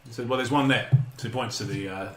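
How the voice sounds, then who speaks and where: Bright-voiced man hosting casually. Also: mid-range voice, quick pace. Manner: jokey, rambling storyteller, laughs often. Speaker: podcast host. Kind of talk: casual chat. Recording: echoey room, faint noise.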